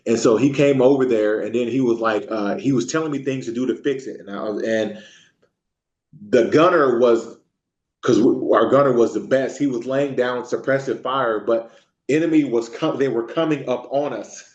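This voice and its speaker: A man's voice: mid-range voice, darkish tone. Man, army veteran, oral history interview, hesitant, restarts often, echoey room. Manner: halting, many ums and restarts. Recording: echoey room, dull lo-fi sound.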